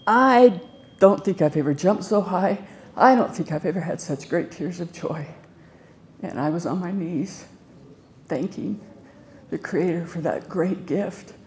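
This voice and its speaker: A woman's voice: on the low side, a little slow, darkish tone, slight background noise. A woman who received an organ transplant tells her story to a live audience in an earnest, conversational, grateful way. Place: festival stage before an audience.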